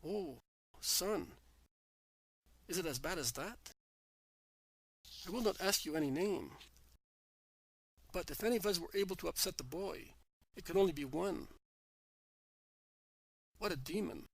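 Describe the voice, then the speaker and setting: Tender mom pleading softly, man reading it, gravelly voice. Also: high voice, expressive, unhurried, long pauses, no room sound, full character voice, poor audio. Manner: soft, pleading. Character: tender, devoted middle-aged mother Mary.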